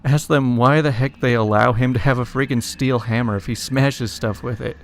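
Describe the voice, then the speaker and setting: A man's voice: mid-range voice, steady tone, normal speed. A man casually reading funny internet stories aloud, chuckling and adding wry asides between them. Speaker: story reader. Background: faint music.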